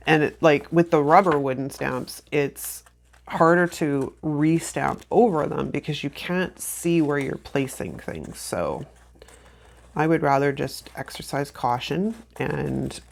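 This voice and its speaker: Low-pitched, slow and gravelly, a woman who hosts a planner channel chats her way through a craft tutorial, rambling casually and poking fun at herself.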